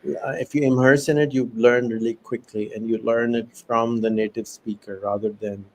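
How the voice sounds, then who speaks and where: A man's voice: medium pitch, little pitch movement, moderate pace, darkish tone, poor audio. A man hosting a casual conversation, talking emphatically and repeating phrases for stress. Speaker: host.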